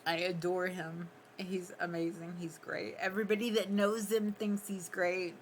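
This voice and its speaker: A woman's voice: lowish voice, little pitch movement, normal speed, a little hiss or hum. A woman livestreamer telling a rambling story in casual chat, laughing often as she talks.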